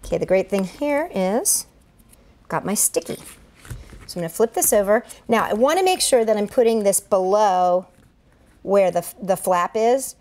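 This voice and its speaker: A woman's voice: mid-range voice, lively intonation, normal speed, a little mellow. A woman who entertains at children's events, walking viewers through a duct tape craft step by step. She talks while she works and keeps an upbeat, encouraging tone. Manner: chatty, narrates each step aloud while working with her hands.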